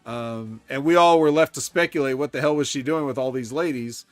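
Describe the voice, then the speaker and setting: A man's voice: medium pitch, brisk, no echo, faint music behind. A man co-hosting a podcast, chatting casually with a dry, sarcastic manner. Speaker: podcast co-host. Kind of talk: casual wrestling banter.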